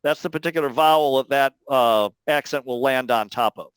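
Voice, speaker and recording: Measured man explaining, smooth and dry. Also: medium pitch, dry recording, low-quality recording. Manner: measured, explanatory, many "uh" pauses. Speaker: linguistics lecturer. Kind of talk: academic talk answering questions.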